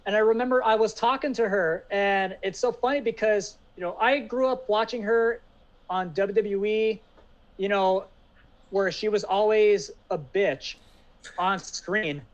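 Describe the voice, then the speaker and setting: A man's voice: high voice, unhurried. A man co-hosting a casual podcast, chatting with enthusiasm and many fillers. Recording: dull lo-fi audio.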